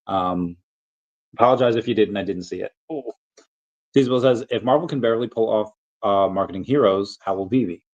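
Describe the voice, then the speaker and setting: A man's voice: on the low side, a little fast, darkish tone, lo-fi sound. Rambling man hosting a livestream. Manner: rambling, easily sidetracked, self-interrupting. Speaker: crypto livestream host. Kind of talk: casual livestream chat reading comments.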